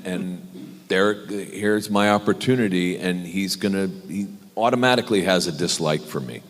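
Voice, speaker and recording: A man, a guest actor on a convention panel, telling an animated, self-deprecating anecdote with many restarts. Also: low voice, normal speed. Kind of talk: anecdotal storytelling. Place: large convention hall panel. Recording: echoey convention hall.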